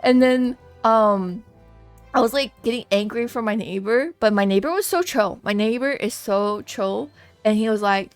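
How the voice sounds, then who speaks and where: A young woman streaming live, telling a story in a lively, chatty way with laughs and swearing. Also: fairly high pitch, moderate pace, no room sound, faint music behind. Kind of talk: casual live-stream chat.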